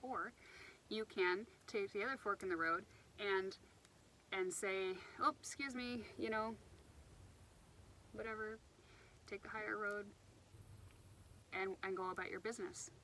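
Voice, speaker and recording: A woman's voice: medium pitch, fairly even intonation, unhurried, long pauses, sharp tone, a little hiss or hum, rough recording. A woman giving an unscripted motivational talk outdoors by the water, rambling a little and restarting her sentences as she goes. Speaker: self-help speaker.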